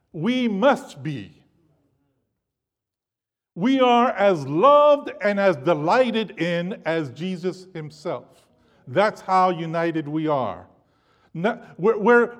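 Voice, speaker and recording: Emphatic preaching man, slightly high voice. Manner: animated, emphatic preaching with shifting loudness. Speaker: pastor. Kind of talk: sermon.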